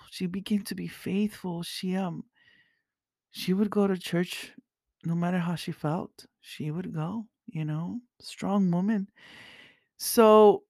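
A woman hosting a podcast, telling a personal faith story in a rambling way, often saying "you know" and clearing her throat, dropping to a hush at tender moments. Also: lowish voice, no echo, clean studio sound. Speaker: podcast host.

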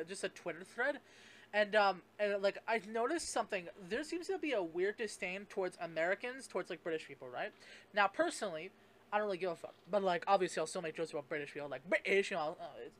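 A man's voice: high voice, fairly bright tone, slight background noise. A young man hosts a solo podcast. He rambles and swears freely, restarting his sentences and leaning on fillers as he talks things through. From Canada. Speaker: podcast host. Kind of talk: casual solo podcast rant.

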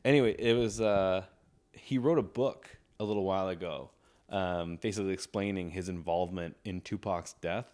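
Young male podcast co-host, low voice, rambling and chatty, quick to laugh. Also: darkish tone. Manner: rambling, laughs often, many restarts. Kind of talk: casual chat.

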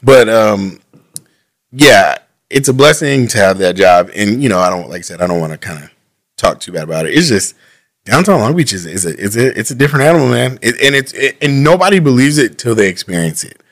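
A man's voice: fairly low pitch, expressive, a little fast. A man in casual podcast chat who stumbles and restarts his sentences and laughs between words.

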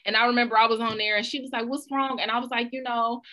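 A woman's voice: on the high side, fast. A woman with children telling stories in a casual chat, acting out the people she quotes. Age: adult with children. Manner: animated storyteller, acts out quoted voices.

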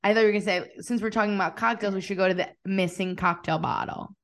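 A woman co-hosts a podcast and chats casually, animated and emphatic, often joking. Her voice has an ordinary pitch for a woman. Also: fast. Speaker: podcast co-host. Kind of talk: casual chat.

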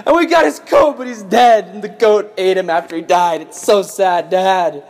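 A man's voice: high voice, fairly even intonation, normal speed, darkish tone, natural voice. A man voicing a pack of scheming young brothers, whiny, exaggerated and mock-sincere. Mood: fake grieving. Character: scheming older brothers, young men, gleeful and fake.

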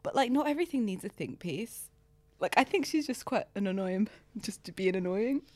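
A woman's voice: mid-range voice, expressive, brisk, a little mellow, no echo. A woman co-hosting a podcast, chatting wryly, often cutting in and laughing. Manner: wry, interjecting, laughs often. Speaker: podcast co-host. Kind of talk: casual chat.

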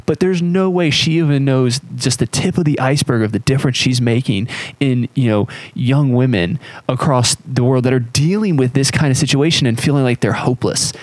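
A man's voice: medium pitch, fairly quick, a little mellow, no echo. American guy hosting a podcast, earnest, lots of "you know", dry close sound. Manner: earnest and reflective, filler-heavy. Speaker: podcast host. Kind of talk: casual podcast chat.

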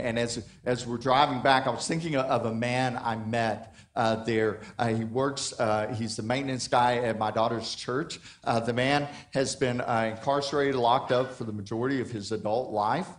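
A middle-aged man preaching a sermon, asking the congregation questions and swinging between soft and loud passages. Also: medium pitch, steady tone, moderate pace, few pauses. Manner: dynamic preaching with questions and acted quotes. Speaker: pastor.

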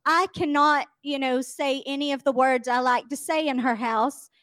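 A woman with a very high, bright-pitched voice tells a story in a casual podcast chat. She is animated and laughs along the way. The mic is close and dry, with no room sound. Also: normal speed, no room sound. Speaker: podcast co-host.

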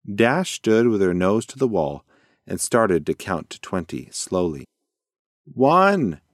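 A man reading a children's bedtime story aloud in a gentle, lively storytelling way. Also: deep voice, measured pace, no echo, clean studio sound. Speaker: narrator.

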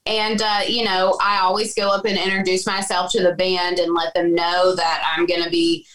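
A woman's voice: fairly low pitch, flat delivery, normal speed, a bit bright, recorded from a distance, low-quality recording. A woman who works as a festival announcer, a podcast guest telling a story casually with frequent giggles.

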